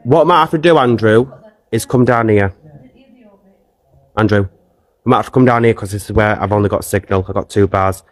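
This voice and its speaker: A man's voice: fairly low pitch, a little fast. A man hosting a live ghost-hunting stream at a castle, coaxing a spirit to speak and chatting to his viewers through a handheld phone. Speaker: ghost-hunting livestream host. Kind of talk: live paranormal investigation, talking to a spirit and viewers. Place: castle grounds.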